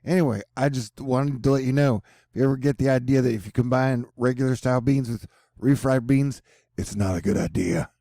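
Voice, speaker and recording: A man's voice: medium pitch, fairly quick, vocal fry, mellow, dry recording, clean studio sound. A man hosting a casual weather forecast over a map, rambling and joking with slang asides. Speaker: weather channel host.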